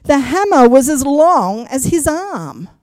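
Lady reading a kids story, slow and expressive, talks right to the kids, dry close sound. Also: high-pitched, no room sound. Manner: expressive, addresses listeners directly.

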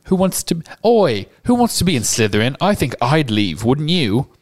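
A man's voice: on the high side, sing-song, moderate pace, voice pushed up. A man doing a brash, cocky schoolboy. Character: cocky, boisterous schoolboy James.

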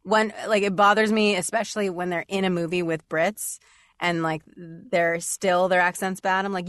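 A woman's voice: lowish voice, steady tone, normal speed, a bit bright, dry recording. Chatty woman voice actor, dry close sound. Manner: chatty, many "like"s, laughs often. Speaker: voice actor and demo writer, guest. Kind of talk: casual podcast chat.

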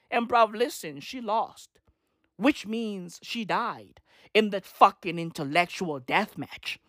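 A woman's voice: medium pitch, slow pace, a bit bright, no room sound, clean studio sound. A woman delivering a rambling, profane comic rant full of slang, breaking into mocking voices and laughter.

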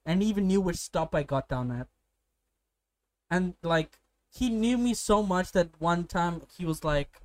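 A young man from India talks casually with a friend, full of swearing and quick anecdotes. His voice sits slightly high. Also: a little mellow. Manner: profane, storytelling, laughs often. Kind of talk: casual chat.

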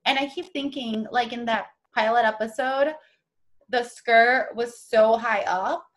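Young woman podcast co-host, slightly high voice, chatty and animated. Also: unhurried. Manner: chatty, animated, acts out quotes with many "like"s. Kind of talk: casual chat about a TV show.

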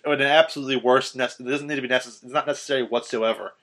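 A man's voice: medium pitch, fairly even intonation, racing, fairly bright tone. A young man in a casual chat about a film, rambling with lots of fillers and swearing freely. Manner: rambling, profane, many fillers.

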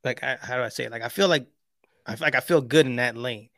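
A man's voice: mid-range voice, quick pace, a bit bright, dry recording, studio quality. A man co-hosting a podcast in casual chat, teasing and laughing easily. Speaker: podcast co-host.

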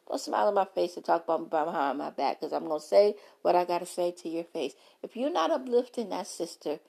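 Emphatic woman with a gravelly edge. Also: on the high side, darkish tone. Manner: emphatic and repetitive, slangy, talks straight to viewers. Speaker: vlogger and show host. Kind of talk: impassioned rant to camera.

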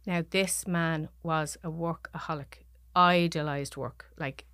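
A woman with a Dublin Irish accent, a podcast guest telling a personal story, soft-spoken and often dropping to near whispers. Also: sits low, steady tone, takes it slowly, smooth, no room sound, studio quality. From Ireland.

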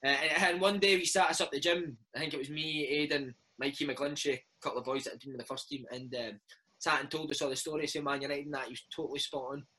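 A Scottish man in his thirties, a former footballer telling animated stories in a casual interview chat, dropping "mate" into every other line. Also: a little high, fast talker, breathy edge, low-quality recording. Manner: animated storytelling, peppered with "mate". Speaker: former footballer and podcast host, interview guest.

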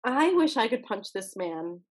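Woman, podcast co-host, husky voice, blunt, opinionated, casual chat. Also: fairly high pitch, sing-song, unhurried. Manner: blunt, opinionated, laughs often.

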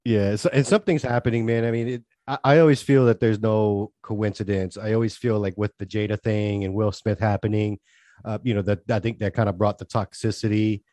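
A man's voice: lowish voice, steady tone, fairly quick, dark tone, no room sound. A man co-hosting a casual podcast chat, talking in long earnest rambles that trail off and restart. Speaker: podcast co-host.

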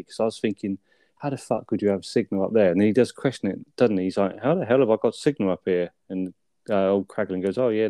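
A man's voice: fairly low pitch, warm tone, dry recording. A man co-hosting a casual film review chat, laid-back and full of tag questions. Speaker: film review podcast co-host.

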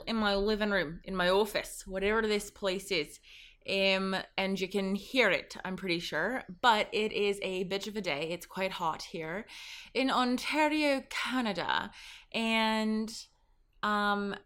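A woman's voice: mid-range voice, a little slow, a bit bright, smooth. A woman hosting her own podcast as a pleasure coach, talking casually in a home office, swearing freely and laughing often. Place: home office with a fan running. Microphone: sensitive studio mic up close.

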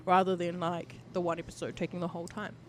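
A woman's voice: on the low side, flat delivery, fast, slight background noise. A woman co-hosting a casual podcast, rambling, swearing freely and using lots of fillers. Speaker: podcast co-host.

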